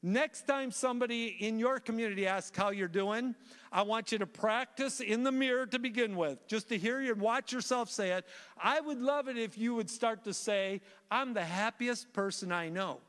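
Male preacher, high-pitched, animated storyteller full of restarts, in a reverberant church sanctuary. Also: moderate pace, clean tone. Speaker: guest preacher. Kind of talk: sermon.

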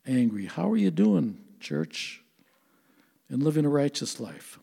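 A man's voice: mid-range voice, sing-song, unhurried, vocal fry, mellow, breathy edge, long reverb tail. An older man preaching a sermon as pastor, earnest and conversational, asking his listeners questions.

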